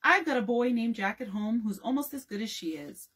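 A woman's voice: on the high side, expressive, a little fast, a bit bright, breathy edge. Woman doing a boastful family father. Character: confident, showy father of a big family.

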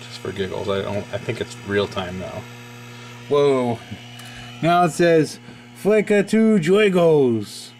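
A man's voice: lowish voice, very animated, unhurried, pauses often, darkish tone, a little hiss or hum. Rambling man in a humming garage. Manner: rambling, self-interrupting, chuckling asides. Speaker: arcade repair video host. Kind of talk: casual hands-on repair vlog. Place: cluttered home garage.

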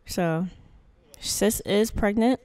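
A woman's voice: mid-range voice, slow pace, warm tone, clean tone, dry recording. A woman giving casual, chatty gameplay commentary to her channel's viewers, playful and slangy in her asides. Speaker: gaming channel host.

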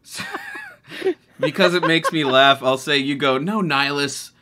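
A man's voice: mid-range voice, measured pace, noisy background. A man running a tabletop game as game master, describing scenes hesitantly with many fillers and restarts.

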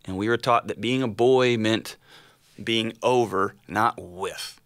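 A man's voice: lowish voice, slow, fairly bright tone, no room sound, studio quality. A man hosting a relationship advice show, talking earnestly and acting out quoted lines in casual on-air chat.

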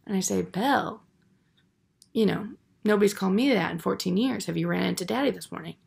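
A man's voice: high voice, fairly quick, vocal fry. A man playing a vain, self-absorbed young woman in a comedy monologue, rambling and self-pitying with garbled grammar. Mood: oblivious, aggrieved.

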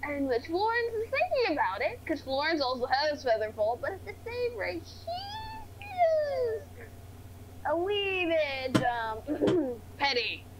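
A woman's voice: high-pitched, sing-song, unhurried, hardly any pauses, background noise. A woman playing a tabletop game, playful and giggly, talking about her character. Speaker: player.

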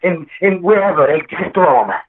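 A man speaking high for his sex, preaching and quoting scripture as he vents, pressing his points again and again. His voice comes through a tinny phone line, distant and echoey. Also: lively intonation, fairly quick. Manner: preachy, quotes scripture, repeats himself heatedly. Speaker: rapper guest. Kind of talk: impassioned interview talk.

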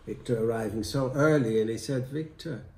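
A man telling a folk tale in a lively, animated way as the show's storyteller. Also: medium pitch, slow, creaky. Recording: echoey room.

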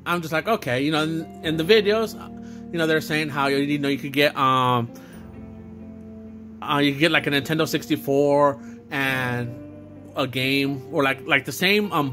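A man's voice: on the high side, pushed and bright. A young man talking off the cuff in a casual vlog, rambling with lots of fillers and restarts. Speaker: YouTuber doing an unboxing video. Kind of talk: unscripted casual vlog talk.

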